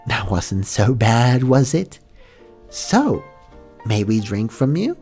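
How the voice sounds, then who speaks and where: A man voicing a haughty vampire mare in a stiff put-on British accent, speaking slow and clear as if to a fool. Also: medium pitch, sing-song, warm tone, faint music behind, voice pushed up. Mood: commanding.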